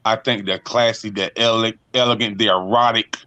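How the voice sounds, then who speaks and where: A man's voice: on the low side, steady tone, normal speed, sharp tone, dry recording. A man co-hosting a casual talk show, playfully asking the others questions. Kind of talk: casual chat.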